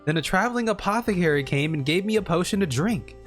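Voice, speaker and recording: A man's voice: high-pitched, animated, fast talker, faint music behind, pitched above the performer's own voice. A man voicing an earnest little girl who dreams of healing, reading game dialogue aloud in a sincere, eager way.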